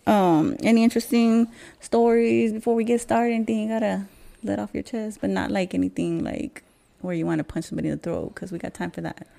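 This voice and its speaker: A woman's voice: medium pitch, steady tone, fairly quick, gravelly, mellow. A woman hosting a podcast in a casual, playful way, laughing and joking with guests. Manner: playful, laughing, talks with slang. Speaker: podcast host.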